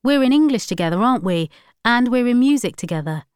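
An eager, awkward teenage boy, as a woman narrator plays him, friendly and a little clumsy. The storybook reading is smooth and crisp, with a dry close-miked sound. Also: on the high side, lively intonation, fast talker, a little mellow, no room sound, voice pushed up, natural voice.

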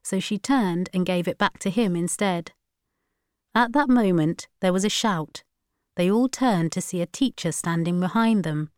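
A woman narrating a story in a steady, measured reading. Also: fairly low pitch, clear, resonant tone, no echo, clean studio sound. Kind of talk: scripted narration.

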